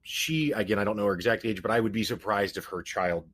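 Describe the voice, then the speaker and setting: Man, podcast host, casual rambling talk, low voice, dry recording. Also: fast talker, fairly bright tone, dry recording. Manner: rambling, hesitant, many restarts and "like". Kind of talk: casual conversation.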